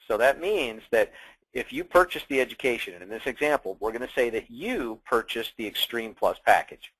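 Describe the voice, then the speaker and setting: A man's voice: mid-range voice, fairly bright tone, low-quality recording. A man presenting a sales training, upbeat and emphatic like a salesman.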